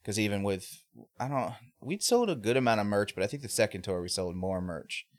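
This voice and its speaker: A man's voice: lowish voice, expressive, brisk, no room sound. A man co-hosting a casual chat, telling rambling tour anecdotes with frequent laughs. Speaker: podcast co-host, band member.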